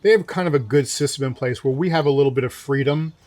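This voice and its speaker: A young man, co-host of a show, casually telling a story and acting out the people in it with lively quotes. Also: mid-range voice, quick pace. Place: winery.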